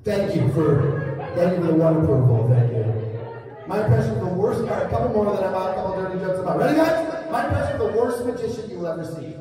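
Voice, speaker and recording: Guy doing stand-up, high voice jumping all over, laughs at his own stuff, echoey hall from far off with a crowd. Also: fast. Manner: animated, laughing at own jokes. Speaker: stand-up comic. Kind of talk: stand-up comedy set. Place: comedy stage in large hall.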